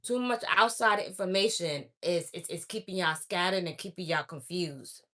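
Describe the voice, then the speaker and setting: In a fairly low, bright and forceful voice at a moderate pace, a woman gives a spiritual message directly to camera. As an oracle reader she scolds her viewers bluntly, preaching and restating her points.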